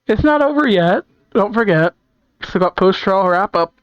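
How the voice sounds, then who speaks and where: Excitable woman gushing over a game. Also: medium pitch, normal speed, smooth, lo-fi sound. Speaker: game player. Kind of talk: casual let's-play commentary.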